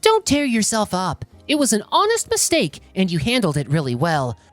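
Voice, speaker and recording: A kind, playful woman offers gentle reassurance in a storybook reading, as a man puts her on. The line comes in his near-normal reading voice, only slightly higher, and the sound is dry and close. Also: wildly swooping pitch, moderate pace, dry recording, soft background music. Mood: reassuring.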